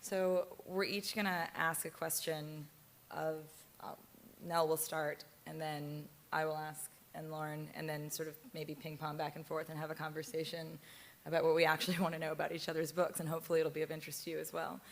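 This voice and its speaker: A woman's voice: deep voice, level tone, a little fast. A woman author opening a panel discussion, self-deprecating and laughing, with lots of fillers. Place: stage at a book fair.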